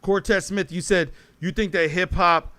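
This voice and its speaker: Smooth-voiced man rambling on a livestream. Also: sits high, steady tone, moderate pace, sharp tone. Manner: rambling, talks to chat, self-correcting. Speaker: podcast host reading live chat. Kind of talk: casual livestream commentary.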